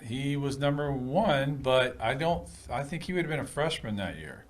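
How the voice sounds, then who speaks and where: A man's voice: mid-range voice, animated, normal speed. A man co-hosting a casual sports show, joking and arguing over picks. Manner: joking, argumentative banter.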